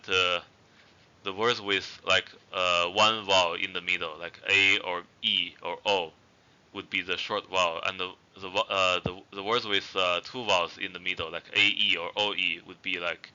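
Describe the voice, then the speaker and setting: A man with a lowish, very bright and smooth voice teaches a language lesson at an unhurried pace. He explains patiently with fillers and says each example word twice for learners. The recording sounds dull and lo-fi. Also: fairly even intonation.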